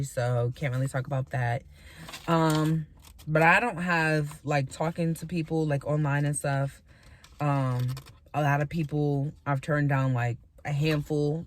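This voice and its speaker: A woman giving a candid, casual weight-loss update, rambling frankly with lots of fillers and restarts. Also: sits low. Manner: animated asides and repetition for emphasis.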